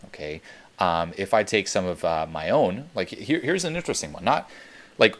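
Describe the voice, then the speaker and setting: A young man with a notably deep voice speaks on a coaching teleconference. He talks bluntly and emphatically, swearing freely as he drives his points home. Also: expressive, moderate pace. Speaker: dating coach.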